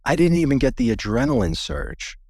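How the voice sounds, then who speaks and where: A man's voice: medium pitch, very animated, a little fast, dark tone, no room sound, clean studio sound. A man guest in an interview, earnestly recounting a personal experience in a conversational way, often restarting sentences.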